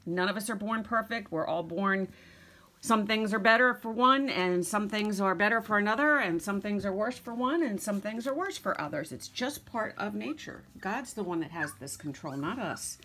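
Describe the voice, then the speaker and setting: A woman's voice: medium pitch, normal speed, bright, forceful tone. A middle-aged woman breeder chatting casually in a vlog, rambling and cooing at her puppies. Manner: chatty, rambling, coos at puppies in baby talk. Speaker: dog breeder. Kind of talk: casual vlog narration to camera.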